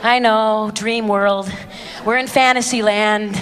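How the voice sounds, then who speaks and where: A woman's voice: a little high, moderate pace, fairly bright tone, clear, resonant tone, some chatter behind. Blunt, sarcastic woman lecturing in a hall. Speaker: abstinence speaker. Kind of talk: fiery speech to students and parents. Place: large hall with a live audience. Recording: long hall reverb.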